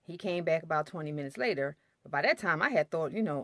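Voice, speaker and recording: A woman's voice: fairly low pitch, expressive, fast talker, hardly any pauses, no room sound. A woman giving casual relationship advice to her viewers in a blunt, sassy, emphatic way, full of slang.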